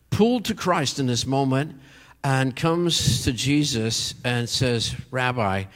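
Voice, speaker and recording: A man's voice: on the high side, fairly bright tone, long reverb tail. A man preaching a sermon as pastor, earnest and rising to emphatic peaks on key phrases.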